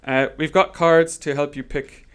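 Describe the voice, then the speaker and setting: A man's voice: a little high, unhurried, fairly bright tone, clean tone. A man presenting on a live stream, walking through a planning method in an upbeat, chatty, lightly joking way. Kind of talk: live stream workshop explanation.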